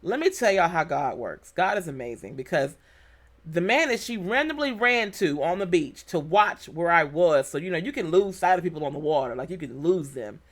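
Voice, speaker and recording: Animated woman telling a story. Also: lowish voice, moderate pace. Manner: animated, emotional retelling with many quoted exchanges. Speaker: vlogger. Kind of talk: casual storytelling.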